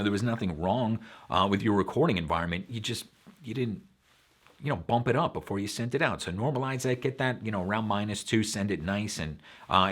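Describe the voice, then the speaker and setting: Host, male, lowish voice, light Long Island accent; frank, chatty, lots of "uh" and "you know". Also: a bit bright. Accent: slight Long Island New York. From Long Island, New York. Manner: frank, conversational, many fillers. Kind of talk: casual advice talk.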